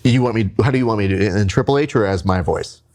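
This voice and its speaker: A man who works as a speech coach, hosting and giving instructions in an animated chat. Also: on the low side, fast talker.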